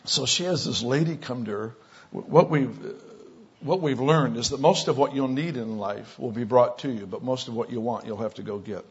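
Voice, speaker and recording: A man preaching a sermon, telling stories with an animated delivery that gets loud for the lines he quotes. His voice is husky, and the recording is dull and lo-fi. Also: mid-range voice, moderate pace. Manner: animated storyteller, rising loud for quoted exclamations. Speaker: pastor. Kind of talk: sermon storytelling. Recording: dull lo-fi sound.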